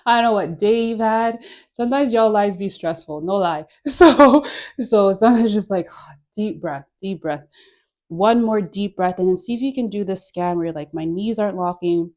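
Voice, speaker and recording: A woman's voice: mid-range voice, darkish tone. A woman leading a guided dance class, chatty and encouraging, laughing often and filling her talk with "like". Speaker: dance instructor.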